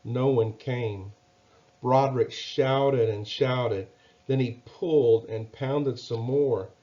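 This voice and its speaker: A man reading a children's Bible story aloud, gentle and expressive, asking his young listeners questions. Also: medium pitch, slow pace, highs cut off.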